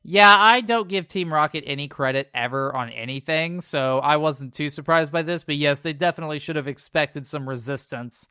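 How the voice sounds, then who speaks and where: A man's voice: a little high, moderate pace, few pauses, bright, forceful tone, clear, resonant tone, no room sound, clean studio sound. A man co-hosting a podcast, reading an episode summary in a casual way and dropping sarcastic asides. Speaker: podcast co-host recapping episodes.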